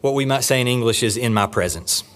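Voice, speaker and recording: Man, pastor preaching a sermon, emphatic, climbs high on key points, sinks low and slow for stress, church pulpit. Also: fairly bright tone. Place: church sanctuary.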